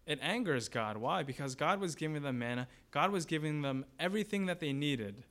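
A man's voice: fairly high pitch, expressive, brisk, fairly bright tone. A man preaching a sermon as pastor, in a conversational way, asking the congregation questions and briefly acting out grumbling voices.

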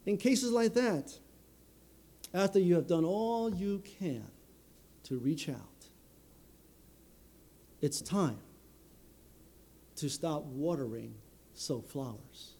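Earnest high-voiced male preacher. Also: warm tone, a little hiss or hum. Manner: earnest, measured, with many "you know" fillers. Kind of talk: sermon.

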